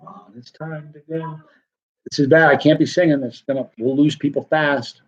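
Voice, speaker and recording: A man's voice: a little high, steady tone, moderate pace. A man hosting a casual livestream, rambling through a friendly sales patter. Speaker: livestream host selling signed hot sauce. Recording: dull, muffled lo-fi sound.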